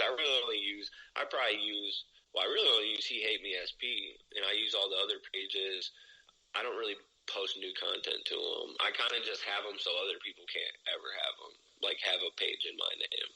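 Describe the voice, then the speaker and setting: Ohio man, low husky casual voice. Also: sharp tone, low-quality recording. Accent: American Midwest. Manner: laid-back, swears freely, rambling. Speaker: rapper guest. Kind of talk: casual interview chat.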